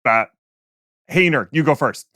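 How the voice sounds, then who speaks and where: A man's voice: mid-range voice, expressive, bright, forceful tone, dry recording, clean studio sound. A man hosting a podcast, joking around in casual chat over a remote call. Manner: jokey, playful, quick to laugh. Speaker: podcast host.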